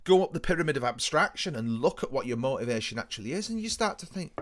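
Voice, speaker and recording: A man chats casually with a co-host. He tells his stories with animation and plenty of swearing. His voice sits at an ordinary pitch but swings up and down a lot. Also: quick pace, slight background noise. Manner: animated storytelling with lively swearing. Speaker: podcast co-host. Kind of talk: casual chat.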